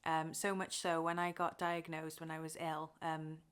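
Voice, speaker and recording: A woman's voice: low voice, level tone, normal speed, a bit bright, smooth. A young woman from Wales chatting casually to camera about her cross-stitch, talking openly and getting emotional, with fillers and laughs.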